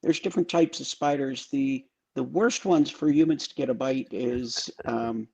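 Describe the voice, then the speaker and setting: A man's voice: medium pitch, moderate pace, vocal fry, a little mellow, slightly rough. A man co-hosting a live stream, explaining things in casual chat with a stop-start delivery.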